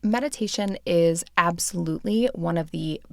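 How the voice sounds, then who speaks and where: A woman in her thirties, a podcast host and meditation teacher, talks casually on her solo podcast, chatty and filler-heavy and quick to laugh lightly. Her lowish voice is gravelly and a little mellow at a moderate pace. The studio-quality recording has no echo.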